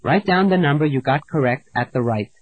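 Man, language teacher, slow deliberate drilling, husky voice, dull lo-fi tape sound. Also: fairly high pitch, animated, dry recording. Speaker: English teacher. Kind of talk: scripted language lesson narration. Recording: dull dry lo-fi audio.

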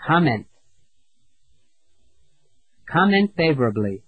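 A man teaching an English lesson, reading out words and example sentences slowly and clearly, pausing for the learner to repeat. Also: a little high, very animated, dry recording. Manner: slow, clear, deliberate drilling with pauses. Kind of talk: scripted language lesson narration. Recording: dull dry lo-fi audio.

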